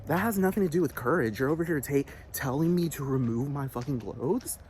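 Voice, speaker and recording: A man's voice: mid-range voice, a little fast, a little mellow, slight background noise. A man delivering a heated, profane rant, repeating himself and asking again and again if the listener understands. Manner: agitated, repetitive, profane, keeps asking "do you understand". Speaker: vlogger.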